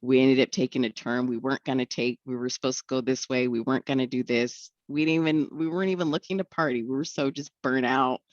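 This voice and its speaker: A woman's voice: very deep voice, steady tone, fast, few pauses, no echo, muffled recording. A young woman tells her recovery story in a candid way, acting out the voices of the people she quotes and often laughing.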